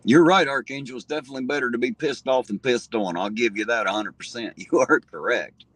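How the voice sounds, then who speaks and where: A man's voice: medium pitch, fairly quick, fairly bright tone, dry recording. Blunt, profane man rambling on a livestream. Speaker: livestream host reading viewer comments. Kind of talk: casual livestream chat.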